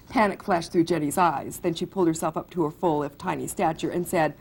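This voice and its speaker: A woman's voice: on the low side, brisk, hardly any pauses, a little mellow, breathy edge. A woman author from the United States, reading from her novel and chatting about her writing with many fillers.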